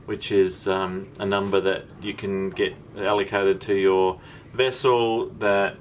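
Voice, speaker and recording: A man with a fairly low voice talks casually on his sailboat, rambling along with plenty of ums as he hosts his vlog. A faint hiss of noise sits under the recording. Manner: rambling, chatty, with many ums. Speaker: vlog host.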